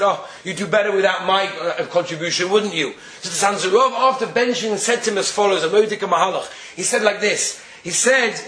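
A man's voice: very high voice, bright, forceful tone, roomy sound. A man giving a Torah lecture, telling stories and asking rhetorical questions. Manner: storytelling, rhetorical questions, Yiddish and Hebrew terms. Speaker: Torah teacher.

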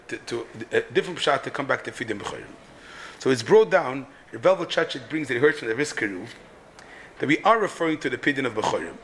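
A Torah teacher leads a text-study class, explaining the meter of a Hebrew poem while often restarting and repeating words. His voice is medium-pitched and fairly bright, with slight background noise.

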